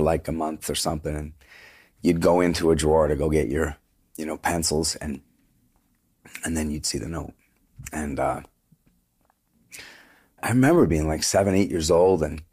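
Middle-aged man, very low voice, husky, earnest, rambling storyteller, interview guest. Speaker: touring singer, interview guest. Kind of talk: casual interview conversation.

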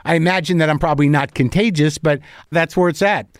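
Talking at a quick pace, a podcast-hosting comedian rambles through a loose, casual monologue, cursing and making fun of himself. His slightly high voice sounds stuffy, scratchy and a little tired, recorded dry with clean studio sound.

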